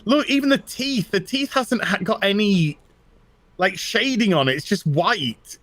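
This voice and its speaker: Halting man co-hosting a chat. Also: high voice, lively intonation, a bit bright, dry recording. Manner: halting, repeats himself, lots of fillers. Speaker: co-host. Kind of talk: casual chat reviewing collectible figures.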